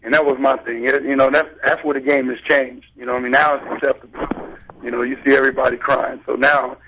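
A man's voice: mid-range voice, little pitch movement, fast, sharp tone, a little hiss or hum, low-quality recording. A man guesting on a sports radio show, talking in an insistent, informal, old-school way. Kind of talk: casual radio sports chat.

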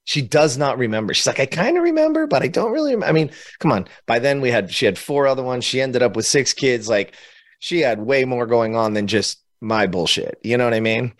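A man from California telling an emotional personal story as a podcast guest, animated and laughing between phrases. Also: medium pitch, fairly quick.

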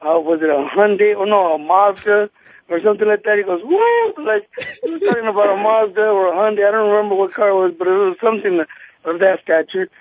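A man in his thirties, a former boxing champion, telling animated stories over the phone and acting out the people he quotes. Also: sits high, fast, no room sound. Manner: animated, acts out quoted people, many restarts. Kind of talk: casual phone interview storytelling. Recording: tinny phone line, dry.

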